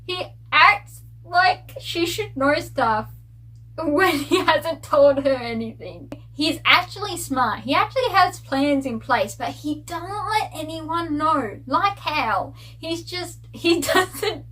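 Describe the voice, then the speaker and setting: Woman, book vlogger, gossipy rant, casual review, slightly high voice. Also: slow pace, poor audio. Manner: animated, ranting, gossipy.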